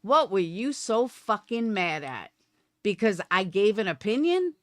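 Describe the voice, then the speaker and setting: A woman's voice: mid-range voice, very animated, measured pace, no room sound, studio quality. Combative, swearing woman streamer. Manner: profane, combative. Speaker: live streamer. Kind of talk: livestream rant.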